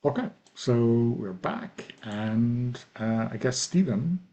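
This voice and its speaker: A man running an online tabletop role-playing game in a relaxed, questioning way. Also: medium pitch, takes it slowly, muffled recording. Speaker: game master.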